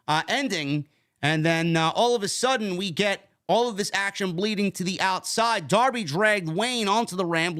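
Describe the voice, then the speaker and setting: A man's voice: sits high, a bit bright. A man casually recapping a wrestling show, rambling and repeating words as he talks. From New York.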